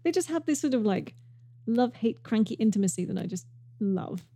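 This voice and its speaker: Mellow-voiced woman in casual chat. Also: on the high side, lively intonation, fairly quick, husky, no room sound. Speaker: podcast co-host.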